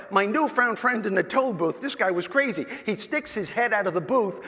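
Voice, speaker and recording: A man giving a humorous motivational talk, telling a story to a live audience in a punchy, animated way. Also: high voice, fast talker, few pauses. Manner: animated, punchy, talks directly to the crowd. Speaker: motivational speaker. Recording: long reverb of a large hall.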